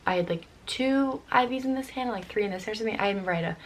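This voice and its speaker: Fast-talking young woman, full of fillers. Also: medium pitch. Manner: rushed, filler-heavy with constant "like" and "um". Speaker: vlogger. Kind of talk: casual personal storytelling.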